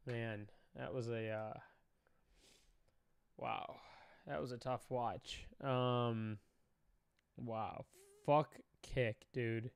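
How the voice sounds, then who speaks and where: A man's voice: mid-range voice, creaky, clean tone, dry recording. A young man doing casual reaction commentary, talking emotionally, often sighing, swearing and trailing off. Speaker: commentary streamer.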